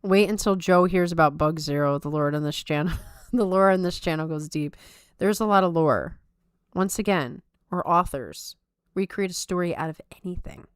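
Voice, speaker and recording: A woman's voice: fairly low pitch, moderate pace, clear, resonant tone, no echo, studio quality. A young adult woman hosting a podcast in casual, rambling chat, joking at herself with a playful Valley Girl lilt. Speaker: podcast host.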